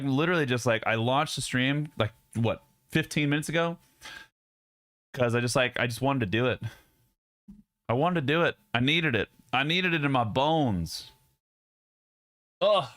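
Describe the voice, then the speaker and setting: A man's voice: medium pitch, lively intonation, normal speed, long pauses, fairly bright tone. A young man chats on his own stream, his voice swinging widely as he tells stories. He is loose and profane, restarting sentences often. He speaks close into a studio mic. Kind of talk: casual live stream chat. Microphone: studio dynamic mic.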